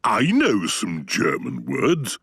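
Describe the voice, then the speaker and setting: A man's voice: lowish voice, wildly swooping pitch, takes it slowly, vocal fry, slightly rough, no echo, clean studio sound, exaggerated voice. A man voicing a cheery, joking father pig in a cartoon. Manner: cheery, jokey, warm dad. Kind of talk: cartoon voice acting.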